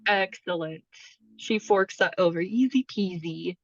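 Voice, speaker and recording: A woman's voice: fairly low pitch, measured pace, no echo, faint music behind. A playful woman player in a tabletop game who laughs often. Her voice is dull, dry and slightly lo-fi. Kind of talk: casual play and chat.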